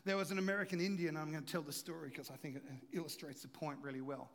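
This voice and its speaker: High-voiced pastor preaching in a hall. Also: male voice, quick pace, hardly any pauses. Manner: emphatic, rhetorical questions, drops to quiet storytelling. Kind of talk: sermon.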